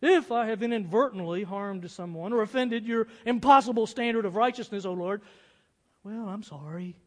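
A man's voice: sits high, normal speed, natural voice. A man voicing a smug, insincere person who grudgingly mutters a half-hearted prayer. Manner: dismissive, grudging. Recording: long hall reverb.

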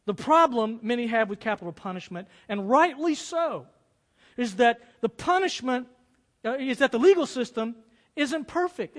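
A man preaching a sermon as pastor, earnest, swinging from loud pleas to hushed, quiet passages. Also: extremely high pitch. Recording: long hall reverb.

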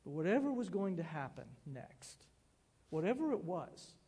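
A man preaching a sermon as pastor, expressive and acting out quoted lines. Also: high-pitched, moderate pace, slightly rough, in a large hall.

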